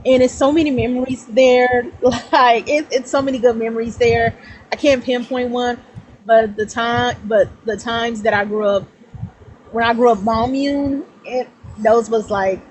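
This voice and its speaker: A woman in her thirties telling childhood stories on a livestream, animated and laughing, rambling between thoughts. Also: fairly high pitch, a little slow, slight background noise, low-quality recording. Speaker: guest. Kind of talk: casual storytelling on a livestream.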